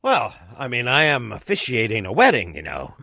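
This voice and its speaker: A man playing in character at a tabletop game, folksy and joking, often dropping into soft tender lines. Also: mid-range voice, wildly swooping pitch, normal speed, gravelly, no room sound, clean studio sound. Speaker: player.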